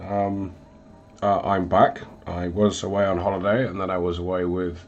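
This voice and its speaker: Low-pitched and flat, the host talks at a normal speed in a darkish tone, and the audio sounds dull. Still stuffed up after being ill, he rambles through his casual painting stream with many ums and jabs at himself, in a hot home hobby room with the windows closed.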